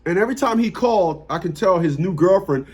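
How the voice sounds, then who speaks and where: A man speaks straight to his viewers in blunt, mocking commentary. His husky voice swings high and low with a lot of expression. He hammers his points home by repeating lines. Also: lively intonation, fairly quick. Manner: blunt, mocking, repetitive, street talk. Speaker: family court consultant and host.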